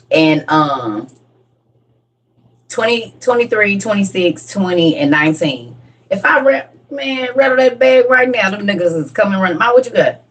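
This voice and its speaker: A middle-aged woman chatting casually as a parent, telling lively stories and acting out her kids. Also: on the low side, a little hiss or hum. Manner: animated storytelling, acts out her kids. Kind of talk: casual group chat. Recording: voice from a distance.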